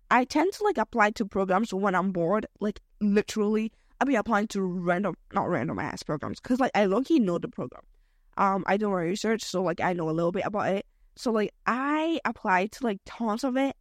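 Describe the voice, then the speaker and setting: A young woman hosts a casual solo podcast, chatting in a slangy, expressive way and jumping from topic to topic. Her voice is medium-pitched, and the close, dry recording has no echo.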